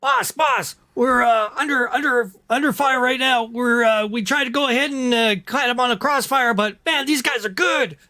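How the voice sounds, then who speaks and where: A man's voice: extremely high pitch, moderate pace, few pauses, sharp tone, pitched above the performer's own voice. A man voicing a panicked male henchman under fire who stammers frantically over a comm.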